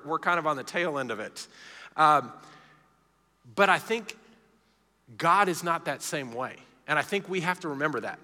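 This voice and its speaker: A middle-aged male pastor preaches an earnest, conversational sermon, often turning to the congregation with "see." His voice is bright and forceful and sits fairly high for a man. It rings through a church hall with a long, echoing reverb. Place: church sanctuary during a live evening service.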